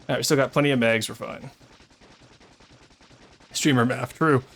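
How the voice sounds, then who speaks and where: A man's voice: medium pitch, fairly even intonation, moderate pace, a bit bright. A male streamer giving live gameplay commentary, chatting to his viewers and swearing and exclaiming when he comes under attack. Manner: chatty asides to chat between bursts of play.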